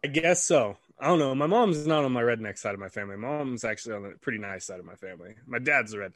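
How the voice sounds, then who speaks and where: A young man tells a story in a casual, animated way, swearing freely and acting out what people said. His voice sits at a middle pitch. The sound is dry and close. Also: fast talker, no echo. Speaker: podcast co-host.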